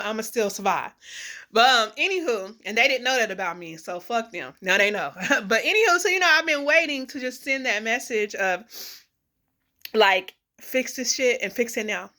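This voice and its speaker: A middle-aged woman vlogging in a casual, emotional monologue, blunt and animated, swearing freely and talking straight to her viewers. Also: fairly high pitch.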